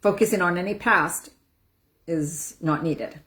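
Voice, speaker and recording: A woman coaching on a casual live stream, speaking soothingly and breaking into loud whooshing out-breaths as she demonstrates letting go. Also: fairly low pitch, measured pace. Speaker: empowerment coach hosting a live session.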